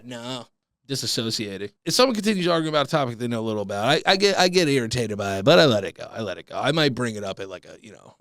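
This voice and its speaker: A man's voice: medium pitch, fairly bright tone, dry recording, clean studio sound. A man hosting a solo podcast, talking casually and self-mockingly with lots of swearing. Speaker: podcast host.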